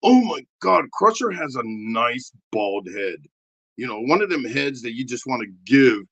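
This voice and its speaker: A man doing a rambling, crude improvised comedy rant, excitable and prone to sudden shouting. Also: mid-range voice, unhurried.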